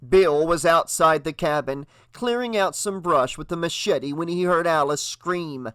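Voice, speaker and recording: Male audiobook narrator, expressive, fairly high voice, dry close mic. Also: measured pace, clean tone, no echo.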